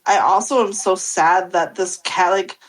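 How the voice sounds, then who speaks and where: A woman's voice: mid-range voice, steady tone, measured pace, low-quality recording. A woman co-hosting a podcast, talking casually and rambling with many fillers. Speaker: podcast co-host. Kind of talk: casual chat.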